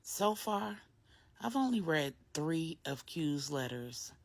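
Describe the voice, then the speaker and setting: A woman's voice: deep voice, very animated, slow pace, exaggerated voice. A woman voicing a grown woman and mother, confiding reflectively in her best friend in an earnest, conversational way. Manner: earnest, soul-searching, conversational.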